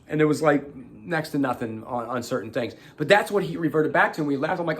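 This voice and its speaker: A man's voice: fairly high pitch, fast talker. A middle-aged man hosting a show, telling a personal story in casual talk and acting out the voices of the people in it. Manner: animated, acts out quotes with sudden loud outbursts. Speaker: host.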